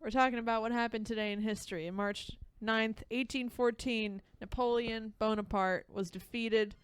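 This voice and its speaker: A woman's voice: fairly high pitch, steady tone, moderate pace, smooth. A woman co-hosting a live comedy podcast in a theater, playfully reading out trivia and laughing often. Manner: giggly, playful, reads out trivia. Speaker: podcast co-host. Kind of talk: casual comedic chat. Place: upstairs theater stage.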